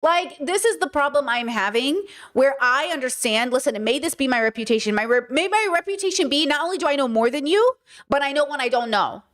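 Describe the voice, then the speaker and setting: A woman's voice: high-pitched, lively intonation, fast, fairly bright tone. A woman hosting a commentary livestream, talking emphatically and asking her audience rhetorical questions. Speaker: streamer host.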